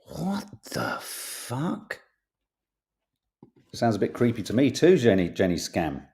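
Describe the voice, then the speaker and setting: A man's voice: medium pitch, huge pitch swings, takes it slowly, gravelly, a little mellow. A man hosting a casual podcast, reading tabloid stories aloud with playful emphasis and jokey asides, swearing now and then.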